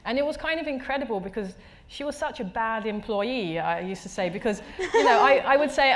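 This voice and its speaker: A woman's voice: on the high side, expressive, a little fast, hardly any pauses. A woman, an artist guest who tells stories at a live talk, reflective, restarting her words and acting out the voices she quotes. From England. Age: 30s. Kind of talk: conversational storytelling at a live talk. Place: stage at a live talk venue.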